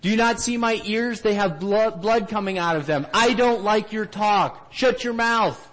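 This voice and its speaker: A man voicing an indignant village man who yells angrily at the actors in a play. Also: sits high, normal speed, voice pushed up. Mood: angry. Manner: yelling, scolding.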